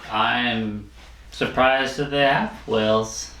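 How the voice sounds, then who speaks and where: Bright-voiced man in casual review chat. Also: mid-range voice, fairly even intonation, slow. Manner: chatty, acts out scenes in quoted voices. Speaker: podcast co-host reviewing a show. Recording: echoey room with faint noise.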